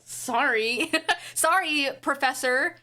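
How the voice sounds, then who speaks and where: A woman streaming live, chatting casually to her viewers in an excitable, rambling way with frequent giggles. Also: sits high, slow pace. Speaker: streamer and animator. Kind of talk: casual livestream chat.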